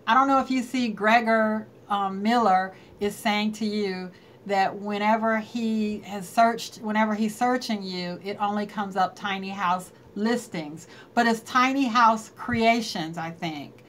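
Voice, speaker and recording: A woman's voice: mid-range voice, a little slow, a bit bright, slight background noise. A woman hosting a casual live stream, chatting and greeting viewers by name and laughing often. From North Carolina.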